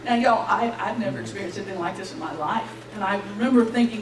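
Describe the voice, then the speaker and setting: A young woman giving an animated church testimony, acting out the voices in her story and laughing between lines. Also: mid-range voice, fast talker. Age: young adult. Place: church hall. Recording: echoey hall, distant mic, faint hiss.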